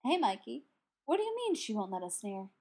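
A woman's voice: fairly high pitch, sing-song, fairly quick, darkish tone, husky, exaggerated voice. A woman reading the lines of a casual, easygoing young man who carries a spear. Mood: curious.

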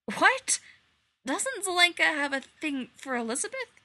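A woman's voice: high voice, big pitch swings, a little slow, sharp tone, no room sound, voice pushed up, exaggerated voice. A woman voicing a defensive adult male colonel who snaps and protests in rising, exasperated bursts.

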